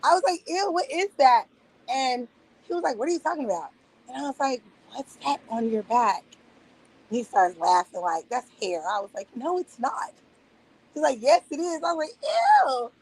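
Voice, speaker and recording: A woman in her thirties streaming, telling casual stories in a profane, laughing, animated way. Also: high voice, rough recording. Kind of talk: casual storytelling monologue. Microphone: streaming mic.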